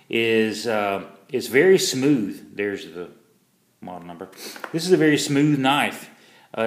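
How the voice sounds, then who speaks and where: A man's voice: medium pitch, echoey room. A man reviewing a pocket knife in a casual vlog, rambling and self-deprecating, with lots of fillers and restarts.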